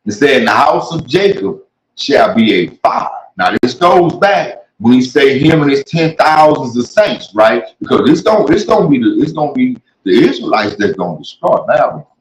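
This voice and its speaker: A man's voice: medium pitch, big pitch swings, moderate pace. Slangy preaching man in an echoey room. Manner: slangy, conversational, reads scripture aloud then riffs on it. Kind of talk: casual street-style Bible teaching.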